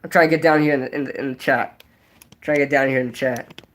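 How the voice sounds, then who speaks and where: Young guy live streaming, nasal high voice, lots of likes and ums, rambles. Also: fairly even intonation, fast, fairly bright tone. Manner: rambling, filler-heavy, restarts. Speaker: sports vlogger. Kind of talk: casual live-stream chat.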